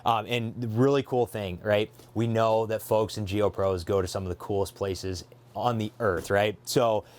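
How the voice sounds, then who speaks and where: Guy with a lowish voice showing off a camper, excited, lots of ums and restarts. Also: normal speed. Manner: eager, filler-heavy, self-correcting. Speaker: dealership host showing a trailer. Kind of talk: casual walkthrough with a colleague.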